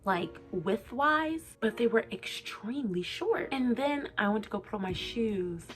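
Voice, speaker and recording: A woman's voice: on the high side, animated, a little slow, soft background music. A young adult woman vlogging, speaking articulately and candidly about personal struggles in an open, emotional way. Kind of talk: candid confessional vlog.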